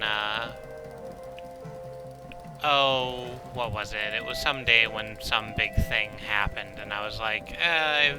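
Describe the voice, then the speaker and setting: A man's voice: medium pitch, poor audio. A man streaming a game, chatting casually in a rambling, joking, self-deprecating way. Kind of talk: casual gameplay commentary. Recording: game music playing loudly behind. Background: in-game car radio music.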